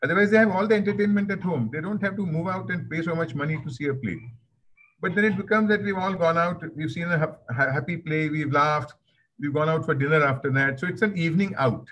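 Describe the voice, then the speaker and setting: Indian man telling stories, higher voice. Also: fast, a bit bright, poor audio. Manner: anecdotal, repeats phrases for emphasis. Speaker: webinar guest speaker. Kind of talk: conversational webinar talk. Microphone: video call.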